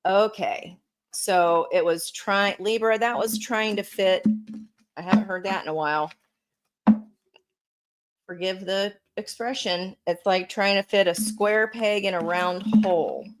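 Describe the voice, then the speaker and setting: Woman, tarot reader, casual and encouraging, unhurried delivery, slightly low pitch. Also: slight background noise, low-quality recording. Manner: chatty, encouraging, addresses viewers directly.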